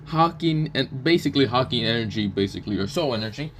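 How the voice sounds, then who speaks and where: A man's voice: medium pitch, expressive, fast talker, a bit bright, slight background noise, natural voice. A man voicing a blunt, bossy male dragon spirit who swears and restarts his sentences, in a fan story reading. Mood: scolding.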